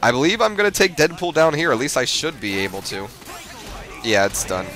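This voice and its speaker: A man's voice: on the high side, very animated, a little fast, over music. A man giving rambling, self-deprecating gameplay commentary, full of fillers and restarts. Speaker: gamer.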